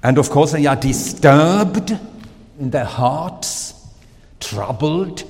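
A man with a German accent, a native German speaker, preaching a sermon in slow, deliberate phrases with pauses and fillers. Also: fairly high pitch, lively intonation, a little mellow, long reverb tail.

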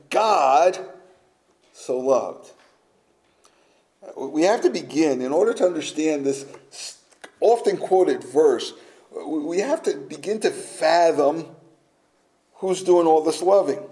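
Slow, emphatic male preacher. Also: on the high side, lively intonation, a little mellow, low-quality recording. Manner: slow, emphatic preaching with dramatic drops to near-whisper. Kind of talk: sermon.

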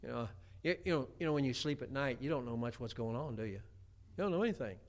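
A man's voice: mid-range voice, expressive, fast. A middle-aged man preaching a homespun sermon, chatty, with many stammered restarts. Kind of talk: folksy sermon.

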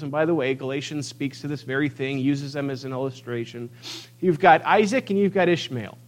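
A man preaching a sermon, emphatic, swinging between quiet asides and loud declarations as he reads scripture. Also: medium pitch. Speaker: pastor.

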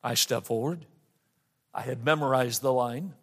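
A middle-aged man preaching, telling a personal story and slowing down to stress scripture lines. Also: medium pitch, a bit bright. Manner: storytelling, slows down for emphasis on scripture. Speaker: pastor.

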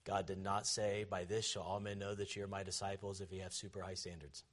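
A man, a pastor, preaching an impassioned sermon that swings from loud shouting to quiet, conversational asides. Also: low voice, level tone, a little fast.

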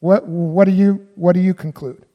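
A man's voice: high-pitched, fairly even intonation, moderate pace, long reverb tail, lo-fi sound. A man preaching a sermon as pastor, emphatic and often putting questions to his listeners.

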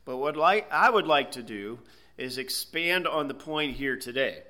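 Speaking at a medium pitch, this man sounds expressive, bright and pushed, and he takes his time. As a Bible teacher giving an expository lecture, he methodically unpacks word meanings in steps, regularly checking in with "okay?".

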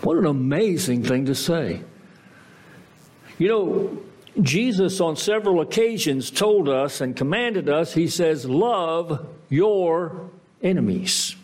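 A man preaching a sermon as pastor, emphatic, with dramatic swings in pitch. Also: expressive, normal speed, darkish tone.

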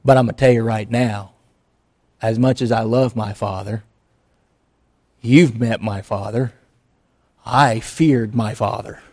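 A male pastor delivering a conversational sermon, mixing earnest teaching with quick acted asides. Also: on the low side, fairly even intonation, darkish tone.

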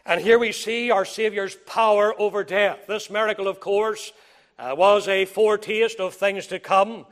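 High-voiced man preaching a sermon. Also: normal speed. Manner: swings from loud emphatic preaching to hushed near-whispers; old-fashioned scriptural phrasing, repeats lines for emphasis.

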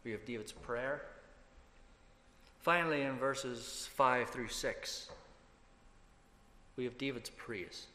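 A man's voice: mid-range voice, slow pace, long pauses, pushed and bright, a little hiss or hum. A man preaching a sermon as pastor, emphatic and building through repeated phrases. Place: church sanctuary. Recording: echoey hall reverb.

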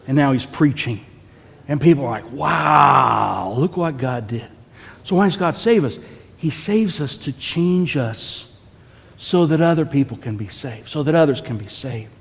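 A man's voice: mid-range voice, unhurried, a little mellow, long reverb tail. A man preaching a sermon as a pastor, telling a story with frequent "okay?" check-ins to the congregation.

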